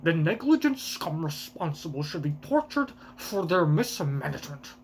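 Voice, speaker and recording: A man voicing a spoiled, cruel noble with a deliberately ugly, pompous voice. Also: on the high side, sing-song, a little hiss or hum. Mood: pompous, indignant. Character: spoiled jowly male noble, whiny and cruel.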